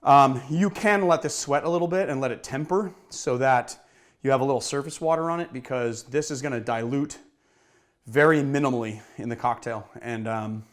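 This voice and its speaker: A man with a medium-pitched voice runs a casual cocktail-making lesson at normal speed. The bartender chats freely and self-deprecatingly as he mixes and shakes, sounding a bit out of breath.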